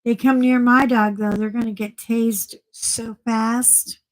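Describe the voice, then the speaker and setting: A blunt, chatty middle-aged woman hosting a casual livestream, talking slowly and unhurriedly in a slightly high voice. She laughs easily and speaks straight to her viewers. The sound is dry and close. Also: flat delivery, no echo, poor audio. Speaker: livestream host. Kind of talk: casual chat with live viewers.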